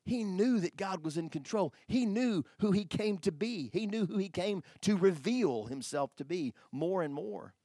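Pastor preaching, gets loud then goes quiet, dry close sound. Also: male voice, high voice, normal speed, hardly any pauses, no room sound. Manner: animated, swings from hushed to loud exclamations. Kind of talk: sermon.

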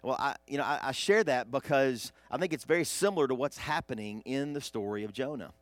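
A man preaching a sermon, swinging from hushed asides to loud, emphatic bursts. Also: medium pitch, fairly quick, dry recording. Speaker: pastor.

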